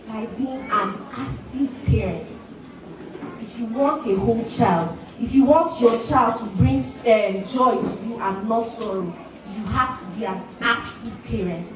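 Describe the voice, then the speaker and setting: A young woman speaking at a school graduation, earnestly urging parents and acting out little dialogues between parent and child. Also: fairly high pitch. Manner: earnest, preachy, acts out parent and child quotes. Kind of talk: exhortative speech to parents. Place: outdoor or large hall ceremony. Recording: echoey PA from far off, noisy.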